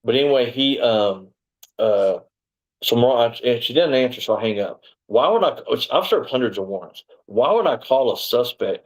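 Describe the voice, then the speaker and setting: A man's voice: medium pitch, animated, moderate pace, low-quality recording. A man from Texas, a former police officer telling his story in a casual interview, rambling and digressive with lots of "you know".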